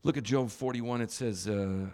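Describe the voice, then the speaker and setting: A man's voice: mid-range voice, normal speed, dark tone. A man preaching a sermon as a pastor, in a conversational, wry way with asides and restarts.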